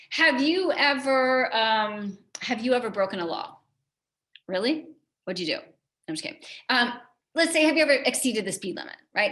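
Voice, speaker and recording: A middle-aged American woman gives a motivational keynote to an audience, conversational and joking, often putting questions to the listeners. Her voice sits a little high with a fairly bright tone.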